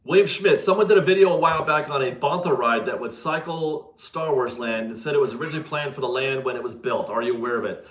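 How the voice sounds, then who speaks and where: A man's voice: medium pitch, quick pace, few pauses, fairly bright tone, echoey room. A man hosting a casual livestream, chatting, laughing often and correcting himself as he answers viewers. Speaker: livestream host reading viewer donations.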